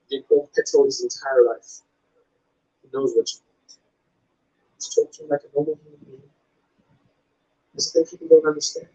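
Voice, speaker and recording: A South African man performing a stand-up comedy set, telling stories in an animated way, on a dull lo-fi recording. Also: slightly rough. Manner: animated storytelling, lively pitch swings.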